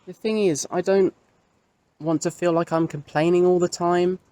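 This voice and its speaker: A woman's voice: on the low side, fairly even intonation, normal speed, dark tone, dry recording. A young trans woman speaking frankly in a direct-to-camera video diary, with plenty of casual fillers. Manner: candid, frank, frequent fillers. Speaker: video diarist.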